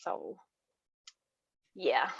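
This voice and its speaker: A woman's voice: drawn-out words, no echo. Woman author, interview guest, chatty and laugh-prone; lo-fi dull recording. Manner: chatty, laughs often, many restarts. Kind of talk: casual chat about books.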